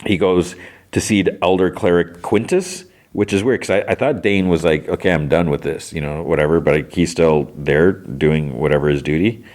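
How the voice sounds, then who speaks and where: Podcast host, man, very low voice, loose rambling recap, lots of fillers. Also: normal speed, darkish tone. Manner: rambling, hesitant, lots of "like" and "you know". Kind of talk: casual episode recap.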